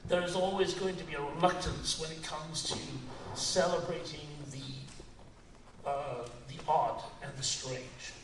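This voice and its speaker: A man in his sixties, a guest filmmaker in a live on-stage conversation, who talks earnestly with many halting restarts. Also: fairly high pitch, steady tone. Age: 60s. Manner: earnest and reflective, with bursts of laughter. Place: cinema auditorium in front of an audience. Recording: echoey, noisy room, picked up from a distance.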